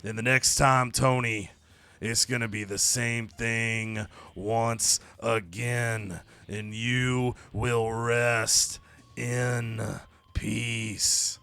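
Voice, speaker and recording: A man voicing a menacing undead wrestler who speaks slowly and ominously. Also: mid-range voice, steady tone, creaky, sharp tone, clean tone, voice pushed down, exaggerated voice. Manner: slow, ominous, drawn-out.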